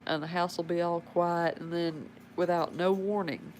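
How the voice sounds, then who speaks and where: A woman's voice: on the low side, fairly even intonation, normal speed, a little mellow, a little hiss or hum, rough recording. A woman, rambling casually about her pets at home and talking to them as she goes. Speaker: pet owner showing her animals. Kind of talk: casual home video chat.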